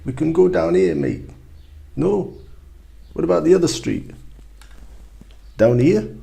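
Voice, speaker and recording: A chatty, excitable traveler, as a man puts him on, pitched well above the speaker's own voice. The voice keeps a gravelly edge. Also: slow, full character voice. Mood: chirpy.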